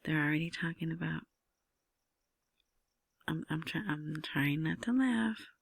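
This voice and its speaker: Brief: woman host, soft whispered commentary, husky and gravelly, dry close sound. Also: deep voice, unhurried, no room sound. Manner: whispering, rambling with many asides and "right?" checks. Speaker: currency news commentator. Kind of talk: casual solo commentary.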